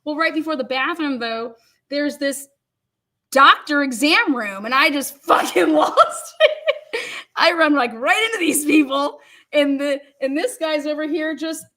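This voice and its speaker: A woman's voice: high-pitched, expressive, measured pace, bright, forceful tone. A woman telling a funny personal story in a casual way. She swears a lot, laughs while she talks, and acts out what other people said.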